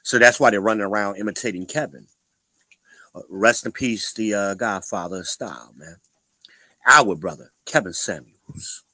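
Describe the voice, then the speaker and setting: A man's voice: fairly low pitch, normal speed, bright, forceful tone, dry recording, rough recording. A man hosting a casual livestream, talking bluntly and preachily to the viewers in the chat. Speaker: livestream host.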